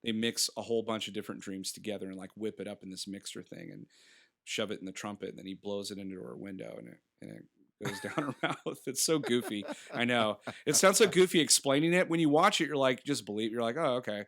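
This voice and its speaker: Rambling through a casual film review chat, this thirty-something podcast co-host laughs a lot and keeps acting out characters with quick impressions. He has a fairly low, gravelly voice that's bright, forceful and full of lively intonation.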